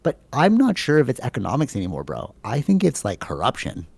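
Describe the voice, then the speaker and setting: A man's voice: mid-range voice, huge pitch swings, brisk, gravelly, a little mellow, breathy edge, no room sound. A man co-hosting a podcast, chatting casually and rambling, leaning on "like" and "bro". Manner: rambling, filler-heavy, says "like" and "bro" a lot. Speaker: podcast co-host.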